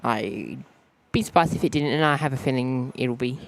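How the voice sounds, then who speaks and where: A man, hosting a casual plane-spotting live stream outdoors, easygoing and halting, often repeating words. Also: mid-range voice, gravelly, a crowd in the background. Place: outdoors at an airport.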